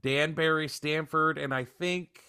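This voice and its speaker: A man's voice: on the high side, steady tone, unhurried, pushed and bright, clean tone, no room sound, clean studio sound. A young man hosting a podcast, joking and swearing in casual chat. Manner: profane and joking. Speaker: podcast host.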